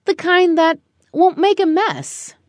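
A woman voicing a loving father in a children's story, speaking softly and gently, a little lower than her own voice. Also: slow, no echo. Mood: warm. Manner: soft, sighing, gently lowered.

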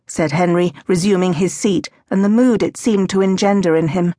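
A woman reading a novel aloud as an audiobook narrator, in a measured way. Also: fairly low pitch, warm tone, dry recording, studio quality. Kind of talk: scripted narration.

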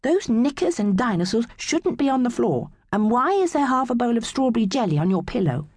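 A woman voicing a brisk, slightly exasperated mother in a children's audiobook, prim in manner. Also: a little high, sing-song, darkish tone, no room sound, clean studio sound, voice pushed up. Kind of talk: audiobook character voice.

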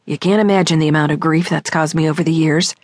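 A woman's voice: low voice, steady tone, quick pace, a little mellow, no room sound. A woman voicing a tall male police officer with a dry, lightly amused manner.

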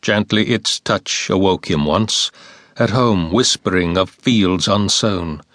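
A man reading war poetry aloud as an audiobook narrator, in a slow, measured and solemn recitation. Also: low-pitched, fairly bright tone, no echo, studio quality.

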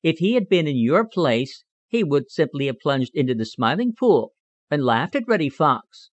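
A man putting on a sharp, scolding little wren. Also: a little high, very animated, dry recording, dull audio. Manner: brisk, teasing, lecturing. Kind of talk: audiobook character reading.

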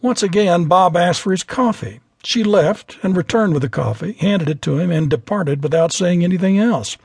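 Man, memoir audiobook narrator, husky, higher voice, very dry booth sound. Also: moderate pace, no echo. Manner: lively storytelling, voices every character.

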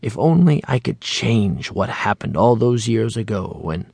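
A man voicing an aging male author who is fearful and burdened by guilt, speaking in a low, soft, brooding tone. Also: expressive, measured pace, gravelly, husky, dry recording, studio quality, full character voice.

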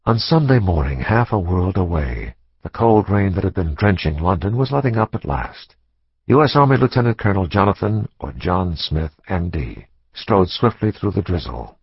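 Deep gravelly male audiobook narrator. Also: sing-song, dry recording, highs cut off. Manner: measured, dramatic thriller reading. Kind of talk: scripted narration.

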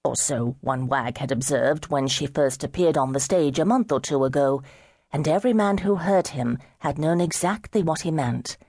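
A woman narrating an audiobook in a measured, wry storytelling manner. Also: low voice, a little mellow, dry recording, studio quality.

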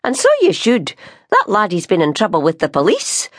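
A bossy, nagging Scottish sister, as a woman reader plays her, pitched up high and pushing hard. Her sharp demands jump about in a lively way, close and dry. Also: normal speed, no echo. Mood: demanding.

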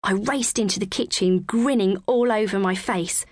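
A woman narrating a children's storybook, her reading clear and expressive at a measured pace. Her voice sits mid-range for a woman, recorded close and dry with no room sound. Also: mid-range voice, dry recording. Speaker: audiobook narrator.

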